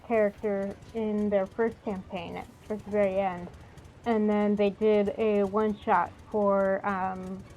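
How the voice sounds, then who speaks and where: A woman's voice: medium pitch, warm tone. A woman streaming a video game, chatting casually and rambling with frequent hesitations. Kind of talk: casual gameplay commentary. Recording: dull lo-fi with faint noise.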